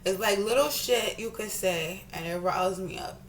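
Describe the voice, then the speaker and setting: Young woman vlogger, mid-pitch, heated profane rant to camera while doing makeup at home, faint background hum. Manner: fast, profane, repeats herself. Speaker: beauty vlogger.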